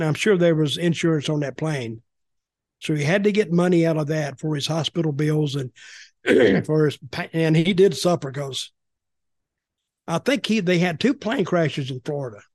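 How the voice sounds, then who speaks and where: A man's voice: a little high, no echo, studio quality. An older man co-hosting a podcast, telling stories in casual chat and repeating words as he goes. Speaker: podcast co-host, former wrestling commentator.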